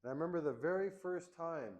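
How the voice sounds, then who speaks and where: A man's voice: on the high side, quick pace, a little mellow, rough recording. A middle-aged man from Canada, plain-spoken and candid, telling a personal story to an audience. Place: event hall.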